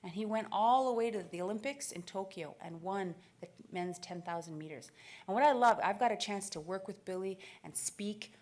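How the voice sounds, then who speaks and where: A woman in her thirties from Canada speaks from a conference stage in a middle-pitched voice. She tells her story with lively energy, laughing often and acting out the dialogue. Her delivery is a keynote address told like a personal anecdote. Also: normal speed. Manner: animated, laughing, acts out dialogue. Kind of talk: storytelling speech.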